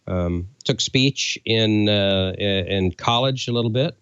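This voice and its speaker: A man's voice: fairly low pitch, slow, smooth, no echo, dull audio. A man from Oklahoma, a radio broadcaster and co-host, telling stories in casual chat with lots of fillers. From Oklahoma, USA. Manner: relaxed storytelling with fillers.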